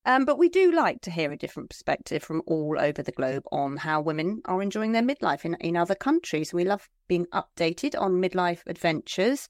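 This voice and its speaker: A middle-aged woman co-hosting a podcast in casual chat, playful and quick to poke fun at herself. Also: on the low side, sing-song, darkish tone, no echo, clean studio sound. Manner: playful and self-deprecating. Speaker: podcast co-host.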